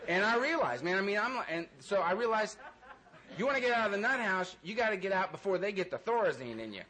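A man's voice: high voice, lively intonation, fast, a crowd in the background. A man telling a loose, laughing, self-mocking story to an audience and acting out voices. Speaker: speaker sharing his recovery story.

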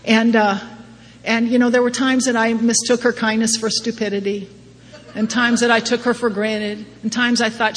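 A woman's voice: a little high, little pitch movement, moderate pace. A middle-aged woman giving a personal testimony talk at a recovery meeting, wry and self-deprecating, often laughing at herself. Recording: long hall reverb, faint background noise.

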